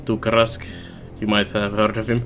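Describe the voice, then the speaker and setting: A man's voice: monotone, moderate pace, fairly bright tone, faint music behind. A Finnish man with a Finnish accent, chatting casually while streaming a game. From Finland. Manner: musing, low-key chat while playing. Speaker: let's play streamer. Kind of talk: casual gameplay commentary.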